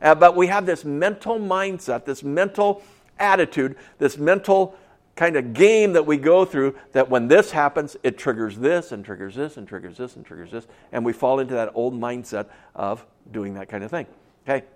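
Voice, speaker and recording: A man's voice: mid-range voice, moderate pace. A man preaching a sermon as pastor, conversational, asking the congregation questions, repeating key phrases and acting out little stories with voices. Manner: acts out stories with voices, drops to soft tones for effect.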